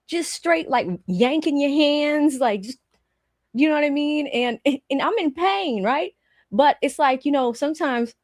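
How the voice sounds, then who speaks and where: Chatty woman streamer, bright high voice. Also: no room sound, studio quality. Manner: chatty, profane, rambling anecdotes. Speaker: live stream host commenting on a trial. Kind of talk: casual live-stream chat.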